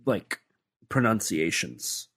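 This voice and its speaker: Rambling, animated male podcast co-host. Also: takes it slowly, slightly rough. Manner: rambling, animated pitch jumps. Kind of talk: casual chat.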